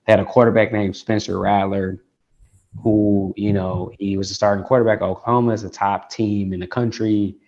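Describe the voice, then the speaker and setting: A man's voice: lowish voice, level tone, brisk, darkish tone. A man from Detroit, a tech founder being interviewed, talking casually and rambling with lots of "like" and restarts. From Detroit, United States. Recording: dull lo-fi call audio.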